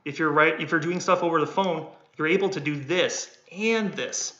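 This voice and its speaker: A man's voice: on the high side, normal speed, bright, forceful tone. A man coaching on sales in a casual livestream, rambling and repeating words while he acts out tones of voice, with keyboard typing behind him. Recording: echoey room, dull lo-fi sound.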